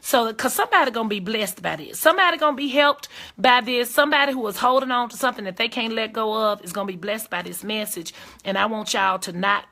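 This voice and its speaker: A woman's voice: fairly high pitch, quick pace, hardly any pauses, sharp tone. A woman hosting a live advice video, talking emphatically and straight to her viewers in a casual, preachy way. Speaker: host of a live advice video, lawyer and judge.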